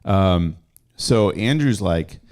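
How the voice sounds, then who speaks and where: A man's voice: low-pitched, expressive, takes it slowly, a little mellow. A young man co-hosting a casual podcast chat, laid-back and rambling, swearing casually as he tells stories. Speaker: podcast co-host.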